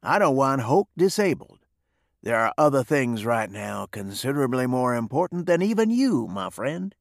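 A cool, ironic outlaw boss in a western audiobook, read by a man. He drawls with a lively, rising and falling pitch and a gravelly edge. The sound is close and dry. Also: normal speed, no echo. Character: cool, sarcastic male gang boss, menacing.

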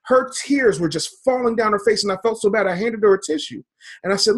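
A man's voice: sits high, a little fast, breathy edge. A man, a business coach, talking fervently in an interview, building points in preacher-like repeated phrases. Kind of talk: motivational interview talk.

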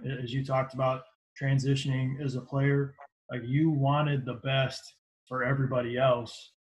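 Man, podcast host, earnest, flat even delivery, mid pitch. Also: low-quality recording. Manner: earnest, even-toned, praises his guest. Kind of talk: podcast interview and sign-off.

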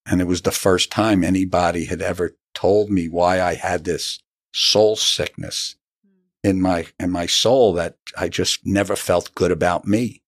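Deep-voiced man telling his story earnestly. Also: steady tone, measured pace, no echo, clean studio sound. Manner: earnest, acts out quoted dialogue. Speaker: author and interview guest. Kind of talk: reflective storytelling in an interview.

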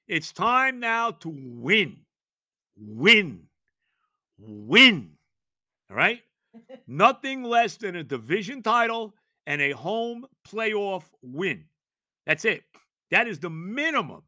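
A man's voice: sits high, sharp tone, no room sound. An older man, hosting a solo sports podcast and ranting emphatically, with rhetorical questions and cursing. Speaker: podcast host.

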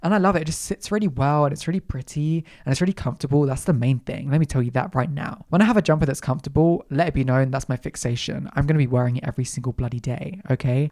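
A podcast host with a British accent, chatting casually and gushing about favourite things with quick asides. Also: mid-range voice, a little mellow. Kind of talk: casual chat.

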